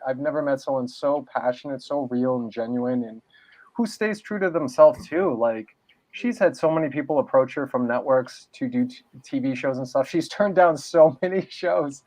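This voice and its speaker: In a dull lo-fi recording, a man from New England chats casually as a podcast guest in an interview, his mid-range voice darkish in tone and at a moderate pace. He's laid-back, dropping "man" and "dude" often.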